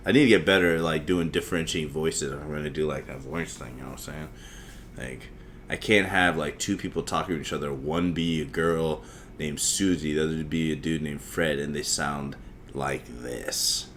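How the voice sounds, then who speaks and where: A man's voice: low-pitched, moderate pace, a little hiss or hum. A man in his thirties hosting a solo podcast, rambling freely with lots of swearing and self-mocking asides. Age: 30s. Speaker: podcast host.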